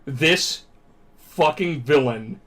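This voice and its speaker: A drunk man hosting a podcast, retelling a story in a profane, animated way. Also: fairly high pitch, drawn-out words. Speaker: podcast host. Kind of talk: casual podcast chat.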